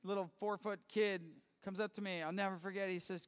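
A man, a youth pastor, telling a personal story in a conversational, halting way, often restarting and acting out the quoted dialogue. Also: high-pitched, fairly even intonation. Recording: reverberant hall.

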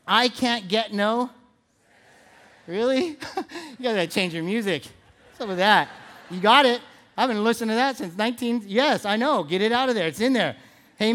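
A pastor preaching a sermon in a relaxed, chatty way, asking the congregation questions and repeating key phrases for emphasis. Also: medium pitch. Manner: conversational, playful, asks the audience questions.

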